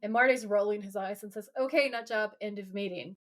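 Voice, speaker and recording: Speaking fairly quickly at a medium pitch, a female podcast co-host chats her way through a retelling of a TV episode, quoting the characters and their frequent swearing.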